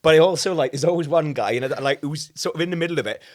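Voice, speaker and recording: A man's voice: on the high side, rapid-fire, darkish tone. A man co-hosting a pub podcast, telling anecdotes in casual banter with stuttering restarts. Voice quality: stuttering restarts, crude storytelling. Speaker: podcast co-host.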